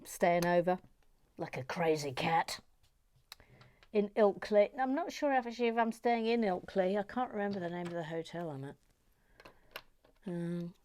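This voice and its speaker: A woman's voice: mid-range voice, expressive, moderate pace, long pauses. A woman hosts a casual livestream, reading out viewer comments in a giggly, playful, meandering way. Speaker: host.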